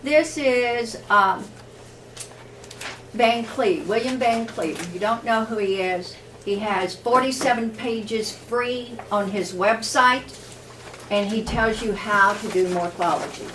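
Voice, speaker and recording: A woman's voice: a little high, slow, noisy background. A woman teaching a workshop in a classroom, speaking informally with many fillers and restarts. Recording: distant room recording with faint ambience.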